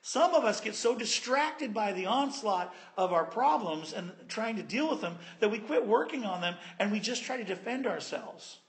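A man preaching a sermon in an animated, conversational and playful way. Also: high-pitched, normal speed, few pauses.

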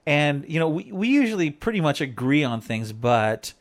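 A man's voice: on the high side, sing-song, moderate pace. A man co-hosting a casual talk show with his wife, teasing her and steering the conversation. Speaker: podcast co-host. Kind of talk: casual chat.

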